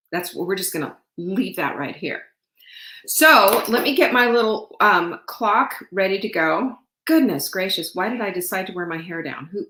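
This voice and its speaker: Bright and forceful at a medium pitch, a woman's voice comes through an echoey room in a low-quality recording. She's selling supplements on a live stream from her home, in casual, rambling chat that turns teary and is packed with fillers and restarts.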